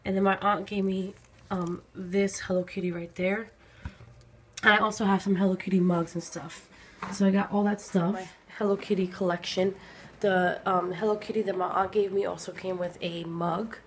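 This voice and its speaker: A woman vlogging at home, chatting excitedly about her presents and sometimes dropping to a whisper. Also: medium pitch, normal speed, slight background noise. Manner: gushing, chatty, drops to soft whispers. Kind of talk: casual vlog chat. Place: home, indoors.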